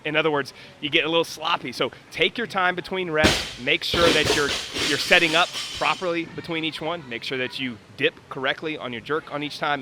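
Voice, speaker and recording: A man coaching and commenting live on a workout in a gym, explaining technique and calling out times. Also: on the high side.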